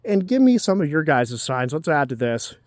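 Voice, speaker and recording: A man's voice: a little high, sing-song, normal speed, no echo, studio quality. A man in his twenties giving dating advice in a blunt, profane, ranting casual monologue. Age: 20s.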